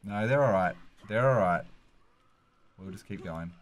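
An Australian man streaming a game with a friend, chatting casually and crying out loudly as things happen on screen. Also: sits low, unhurried. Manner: excitable, loud exclamations. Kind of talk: casual let's-play banter.

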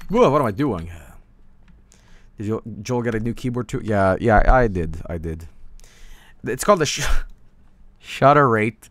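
Male game streamer, low but animated voice, profane, easily startled, loose casual chatter. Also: unhurried, pauses often, no echo. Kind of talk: casual gameplay commentary.

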